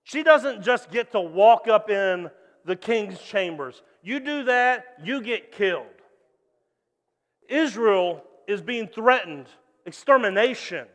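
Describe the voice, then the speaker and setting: A man's voice: sits high, takes it slowly, big-room sound. A man preaching a sermon as pastor, telling stories animatedly and acting out voices. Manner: animated storytelling with acted-out voices.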